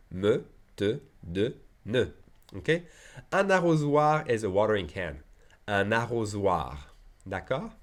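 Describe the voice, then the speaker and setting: A man teaching a beginners' French lesson in English with a French accent, lively and often checking in with "ok?" and "d'accord?". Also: lowish voice. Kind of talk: language lesson.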